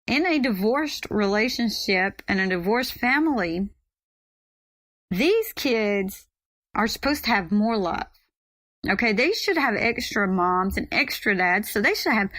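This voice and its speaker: Mom vlogger, middle-aged, chatty storyteller, dry close sound. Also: female voice, mid-range voice, a bit bright, dry recording. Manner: chatty, acts out quoted voices. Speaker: vlogger, mother. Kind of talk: casual storytelling to camera.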